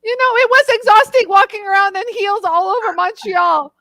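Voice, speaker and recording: Woman co-host, high voice, animated storyteller, reads out comments. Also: normal speed. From Los Angeles. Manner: animated storyteller reading viewer comments aloud. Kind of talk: casual live-stream chat.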